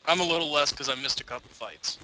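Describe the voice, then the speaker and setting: A man's voice: a little high, quick pace, pushed and bright, a little hiss or hum, rough recording. A man playing in a tabletop game, chatting casually and making wry remarks. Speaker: player.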